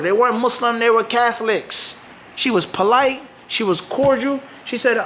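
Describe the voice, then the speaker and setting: An Islamic teacher from Philadelphia, USA, speaks with an American accent to a live audience, often posing rhetorical questions and then answering them himself. His voice is very high-pitched, pushed and bright, at a moderate pace. The low-quality recording sounds roomy, with slight background noise.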